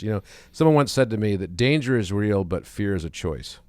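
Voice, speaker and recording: A man's voice: fairly low pitch, lively intonation, fairly quick, darkish tone, smooth, no echo. A man speaking as a podcast guest in casual conversation, reflective and fond of telling stories. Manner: reflective, storytelling.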